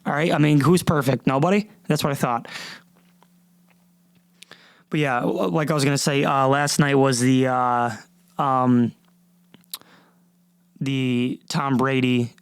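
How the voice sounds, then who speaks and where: A man's voice: mid-range voice, steady tone, slow, pauses often, clean tone, no room sound. A young man hosting a podcast, talking casually in a rambling, self-interrupting way with frequent swearing, in front of a camera at his computer. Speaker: podcast host. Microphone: camera and computer at a desk.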